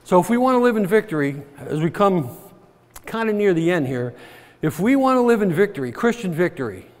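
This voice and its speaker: A man's voice: high-pitched, very animated, a little fast, long reverb tail. A man pastor preaching a sermon, earnest and repetitive, often checking with the congregation. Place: church sanctuary.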